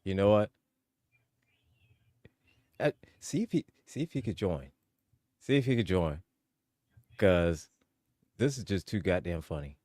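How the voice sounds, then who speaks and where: A man co-hosting a casual news reaction chat, reacting in a slow, wry, drawn-out way. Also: deep voice, lively intonation, a little mellow, no room sound, studio quality. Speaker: co-host.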